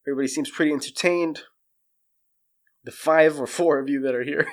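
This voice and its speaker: A man on a casual livestream, ranting in an animated, profane way, his voice jumping up when he gets exasperated. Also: medium pitch. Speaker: streamer.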